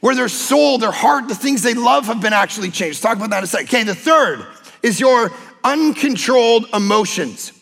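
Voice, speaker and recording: A man preaching a sermon as a pastor, impassioned and emphatic, sometimes breaking into shouts. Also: very high-pitched, animated, normal speed, creaky, in a large hall, soft background music. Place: church sanctuary.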